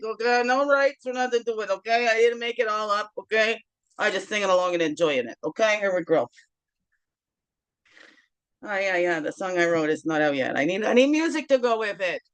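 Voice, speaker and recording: In a rough recording, a woman with a fairly low-pitched voice and a Newfoundland accent runs a daily self-care guidance vlog. Her casual motivational talk is encouraging and chatty, sprinkled with "okay?" check-ins, playful chuckles, and bits of singing along between thoughts.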